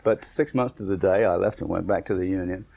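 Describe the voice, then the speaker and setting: A man's voice: sits low, a little fast, vocal fry. A man with an English accent, a jazz pianist telling an anecdote in an interview, acting out the dialogue. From England. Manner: animated storyteller acting out dialogue.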